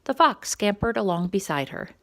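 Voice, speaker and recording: A woman reading a quiet story time picture book aloud for young children, gentle and expressive. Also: medium pitch, moderate pace.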